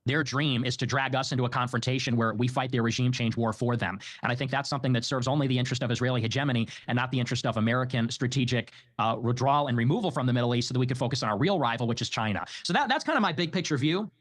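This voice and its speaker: Fast-talking young male debater. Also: medium pitch, fairly bright tone. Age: 20s. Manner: measured, policy-focused argument. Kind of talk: debate argument.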